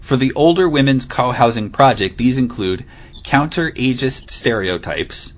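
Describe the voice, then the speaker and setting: A man co-hosts a relaxed podcast and reads a news article aloud. His pitch swings around with lively, playful emphasis. He keeps slipping into amused laughter. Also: unhurried. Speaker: podcast co-host. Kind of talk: casual chat, reading an article aloud.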